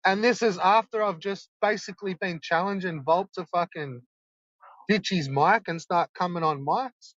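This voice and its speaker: A man's voice: high voice, normal speed, fairly bright tone, no echo. A young man livestreaming, ranting insistently and swearing a lot. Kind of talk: rambling livestream rant. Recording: dull lo-fi streaming mic.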